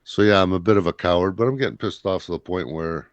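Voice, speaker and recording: Blunt low-voiced man, rambling. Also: fast talker, clean tone, dry recording, highs cut off. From Canada. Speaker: podcast host. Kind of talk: casual chat.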